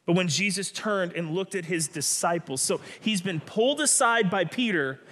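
A man delivering a sermon as pastor, preaching in an animated, dramatic way with sudden emphatic bursts. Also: high-pitched, moderate pace.

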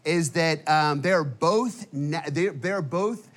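A man preaches to his church with a slightly high voice, full of fillers, quick restarts and casual slang. He sounds fired up and at times emotional. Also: a bit bright. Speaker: guest preacher. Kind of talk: sermon. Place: church auditorium.

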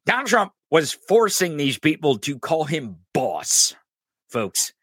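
A man's voice: a little high, very animated, takes it slowly, fairly bright tone, breathy edge, dry recording, studio quality. A man hosting a podcast, ranting angrily and profanely in political commentary, mocking his opponents. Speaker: podcast host.

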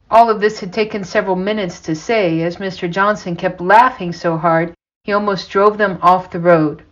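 A woman narrating a humorous story in a measured, plain manner, on a dull lo-fi recording. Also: mid-range voice, steady tone.

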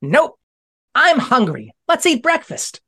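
A squeaky, cheeky puppet monkey, as a performer puts him on, bratty and full of sass. The voice sits well above the performer's own and sounds a little off mic. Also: huge pitch swings, takes it slowly, fairly bright tone, heavily acted. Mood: sassy. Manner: sassy and high-spirited.

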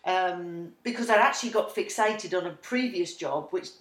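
A woman co-hosting a casual podcast chat, reflective and quick to agree. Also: lowish voice, fairly bright tone, reverberant. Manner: agreeable, reflective, many yeahs. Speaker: podcast co-host.

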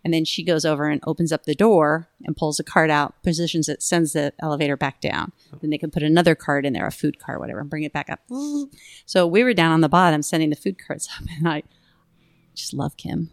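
A middle-aged woman, a flight attendant and host, telling an animated story in casual chat and acting out the voices. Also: deep voice, gravelly, no echo, studio quality.

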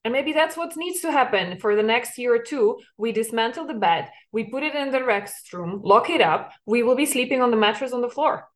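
A woman's voice: a little high, animated, fairly quick, few pauses. Earnest woman hosting a parenting podcast. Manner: earnest, explanatory, with frequent light laughs. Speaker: podcast host, parenting coach. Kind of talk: solo podcast talk.

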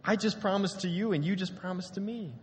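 A man's voice: high-pitched, fairly even intonation, brisk, long reverb tail, close to an everyday voice. A man voicing an exasperated, wrathful God who speaks bluntly and casually.

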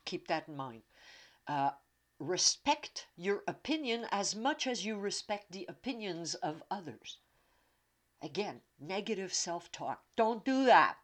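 A woman's voice: on the low side, expressive, measured pace. A woman from Canada, talking casually and bluntly about self-trust, swearing freely and acting out inner voices. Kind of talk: casual self-help talk.

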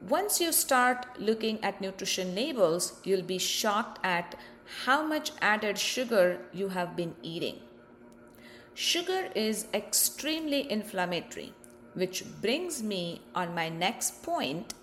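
A woman host talks listeners through a health topic in a scripted, explanatory way, often turning to them with rhetorical questions. Her delivery is slow and measured at an ordinary mid-range pitch. A light hiss of background noise runs beneath her voice. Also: very animated, a bit bright.

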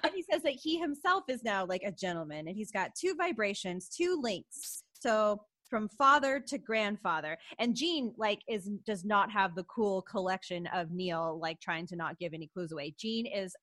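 A woman co-hosting a podcast, recapping a show in casual chat, giggly and animated with many fillers. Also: medium pitch, moderate pace, few pauses. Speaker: podcast co-host.

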